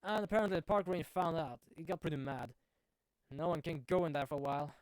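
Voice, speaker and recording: A man voicing a gruff, plain-spoken male police detective. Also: a little high, fast talker, a little mellow, no room sound, studio quality, lightly acted. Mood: blunt.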